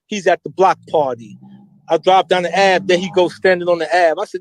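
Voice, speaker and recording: A man's voice: sits high, normal speed, dry recording, rough recording. A middle-aged man, telling street stories candidly and with lots of slang as an interview guest. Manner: animated, slangy, mimics voices when quoting.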